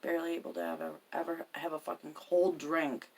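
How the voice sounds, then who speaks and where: Gravelly, profane woman telling her story. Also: deep voice, little pitch movement, fairly quick. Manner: profane, emphatic, swears constantly. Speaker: podcast host. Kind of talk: personal storytelling.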